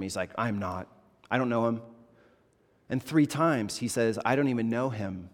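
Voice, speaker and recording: A man in his thirties, a pastor preaching a sermon in an earnest, conversational way, acting out quoted asides. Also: lowish voice. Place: church sanctuary. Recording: reverberant church hall.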